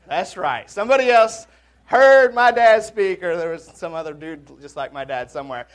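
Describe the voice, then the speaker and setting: In a church sanctuary, a male pastor delivers a conversational sermon sprinkled with jokes and asides to the congregation. His voice is high-pitched and animated, at a moderate pace.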